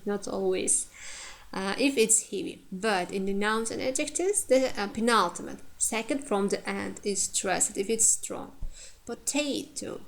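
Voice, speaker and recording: A woman teaching pronunciation, saying each example word slowly and twice to show where the stress falls. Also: medium pitch, gravelly, low-quality recording. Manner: slow and deliberate, repeating example words with stress. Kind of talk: lesson.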